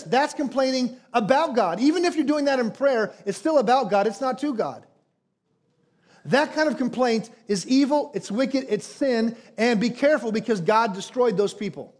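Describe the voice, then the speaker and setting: A man preaching a sermon as pastor, emphatic and animated, posing rhetorical questions and acting out quoted prayers. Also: high-pitched.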